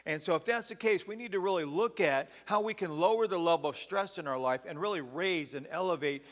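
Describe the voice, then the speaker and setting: This pastor's voice is a little high and a little fast as he delivers a sermon in a large church sanctuary. His manner is folksy and chatty, and he keeps peppering his speech with "man."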